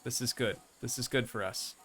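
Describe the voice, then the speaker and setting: A man's voice: mid-range voice, moderate pace, music in the background. A young man casually commenting as he builds in a game, chatting to his viewers and thinking aloud. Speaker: streamer.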